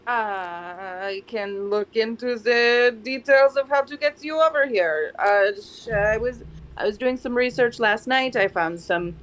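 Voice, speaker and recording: A woman voicing a cheerful male figure with a loose attempted French accent, speaking politely and haltingly. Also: a little high, a bit bright, low-quality recording. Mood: hesitant. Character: chipper, happy male guardian-city figure.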